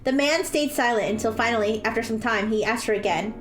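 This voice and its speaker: A woman's voice: fairly high pitch, brisk. A woman streamer reading jokes aloud in a giggly way that keeps breaking into laughter. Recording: roomy echo, faint music behind.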